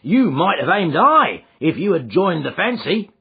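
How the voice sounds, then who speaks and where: A man voicing a gruff, stubborn prizefighter turned porter in an audiobook, with rough rustic speech. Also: sits high, very animated, a little slow, pitched above the performer's own voice, full character voice. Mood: boisterous. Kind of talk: audiobook character voice. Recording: thin phone-like audio.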